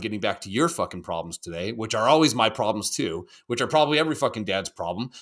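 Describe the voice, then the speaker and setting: A man's voice: mid-range voice, a bit bright. Profane rambling man on a podcast. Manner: profane, rambling, acts out quoted voices. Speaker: podcast co-host. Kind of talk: casual chat.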